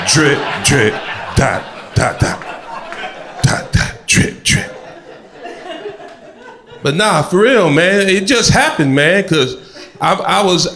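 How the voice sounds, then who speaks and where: A middle-aged man doing live stand-up comedy, an animated storyteller who shouts and acts out voices. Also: on the high side, gravelly.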